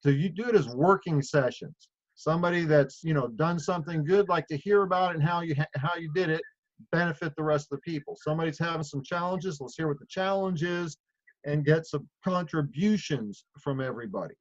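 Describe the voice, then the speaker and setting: A man's voice: fairly high pitch, fairly quick. Man rambling on a muffled call. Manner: rambling storyteller with many fillers. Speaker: leader of a sales group call. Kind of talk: casual talk on a group call. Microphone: phone or video call.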